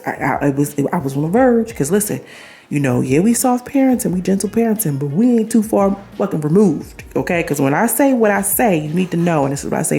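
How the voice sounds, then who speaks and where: Gravelly-voiced woman vlogging to her viewers. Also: on the low side, animated, fast, mellow. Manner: chatty, affirming, speaks straight to viewers with laughs and asides. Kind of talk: casual talk to camera.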